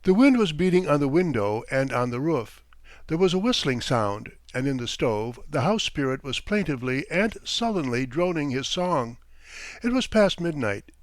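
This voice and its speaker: A man narrating a classic short story as an audiobook in a measured, even storytelling manner on a close mic. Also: fairly high pitch, no echo. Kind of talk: scripted narration.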